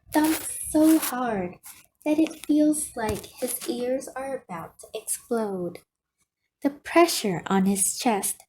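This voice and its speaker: Slow, mellow woman reading an audiobook. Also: on the high side, slight background noise, low-quality recording. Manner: slow, soft storytelling. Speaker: audiobook reader. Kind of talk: audiobook narration.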